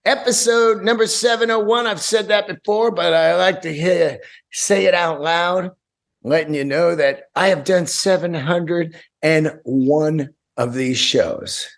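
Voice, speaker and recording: A man's voice: a little high, slow, gravelly. A man hosting his own podcast, talking alone in a loose, rambling way, swearing casually and breaking off mid-thought. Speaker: podcast host. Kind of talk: casual solo podcast talk with a read sponsor ad.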